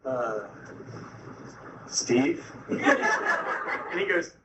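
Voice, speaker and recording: A man's voice: sits high, animated, moderate pace, very noisy. A man telling a humorous personal recovery story at a meeting, acting out what others said to him. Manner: humorous, acts out quoted voices.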